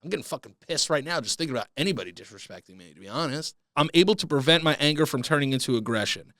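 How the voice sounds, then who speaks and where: A man's voice: on the high side, animated, very fast, fairly bright tone, dry recording. A man hosting a comedic solo podcast, ranting in a profane, mock-outraged way. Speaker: podcast host.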